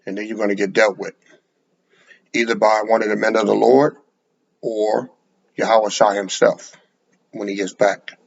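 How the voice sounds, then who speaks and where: A man's voice: fairly low pitch, level tone, moderate pace, vocal fry, pauses often. A man preaching bluntly, lecturing and repeating words as he speaks, in a dull lo-fi recording. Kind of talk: sermon to camera.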